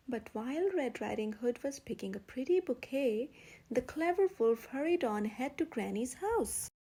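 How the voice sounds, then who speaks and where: Young woman, high voice, gentle expressive children's read-aloud. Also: moderate pace, breathy edge. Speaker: storybook reader, channel host.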